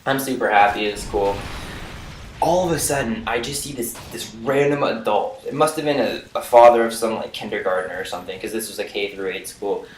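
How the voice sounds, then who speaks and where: Rambling young man with a low voice. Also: fairly quick. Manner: rambling, full of "like" and "you know". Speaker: vlogger. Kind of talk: casual storytelling. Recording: roomy echo with faint noise.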